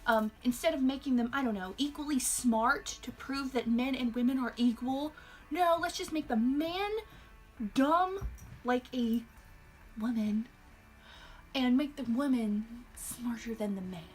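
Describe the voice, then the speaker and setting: A woman's voice: high voice, measured pace, soft background music. A young woman vlogger delivering an exasperated, sarcastic movie review rant, sounding a little tired. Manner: sarcastic, exasperated, animated ranting.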